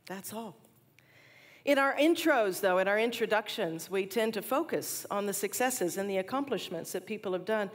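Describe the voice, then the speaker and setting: A woman in her forties giving a storytelling chapel talk, animated and laughing at herself now and then. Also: mid-range voice, normal speed. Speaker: chapel speaker. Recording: long hall reverb.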